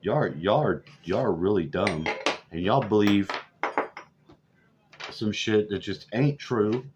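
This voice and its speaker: Man over forty, low voice, profane sarcastic rant, dull lo-fi sound. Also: background noise. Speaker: vlogger. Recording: dull lo-fi audio.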